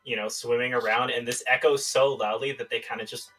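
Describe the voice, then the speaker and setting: A man's voice: medium pitch, steady tone, fairly quick, pushed and bright, recorded from a distance, soft background music, poor audio. A man playing a tabletop game, describing his actions in a rambling, hesitant way. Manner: rambling, hesitant, lots of fillers. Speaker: player. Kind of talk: casual tabletop play.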